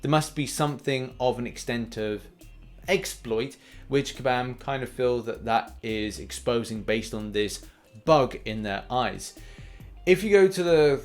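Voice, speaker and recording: A young man hosting a mobile game news show, talking in a chatty, animated way with plenty of fillers and restarts. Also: medium pitch. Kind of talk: casual gaming news commentary.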